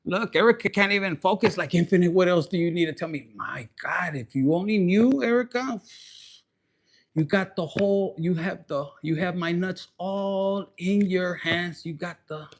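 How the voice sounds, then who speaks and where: Bright-voiced joking tarot reader man. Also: high voice. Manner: raunchy, joking, mixes in Spanish. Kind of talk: live-streamed tarot reading.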